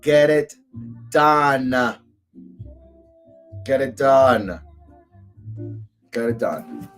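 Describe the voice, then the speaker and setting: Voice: mid-range voice, expressive, very slow, faint music behind. A spiritual coach from Cuba giving a live tarot reading, emphatic and chanting repeated phrases.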